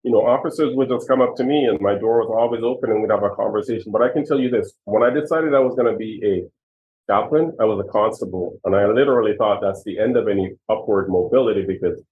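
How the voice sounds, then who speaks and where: A man in his sixties speaks earnestly and with emphasis as he tells his own stories. His voice sits fairly low, and it comes through a thin, tinny line that sounds like a phone. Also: quick pace. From Jamaica. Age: 60s. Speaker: retired police chief. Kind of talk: personal storytelling in an interview.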